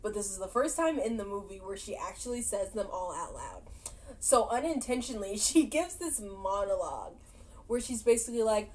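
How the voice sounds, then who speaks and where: A woman's voice: mid-range voice, expressive, normal speed. A woman casually retelling a movie's plot to her viewers, chatty and laughing as she goes. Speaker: movie reaction vlogger.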